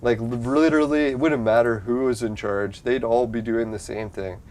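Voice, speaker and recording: Canadian guy streaming, loose rambling chat, lots of swearing, laughs a lot, average pitch. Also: fairly even intonation, moderate pace, darkish tone. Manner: rambling, profane, laughs often. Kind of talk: casual live-stream chat.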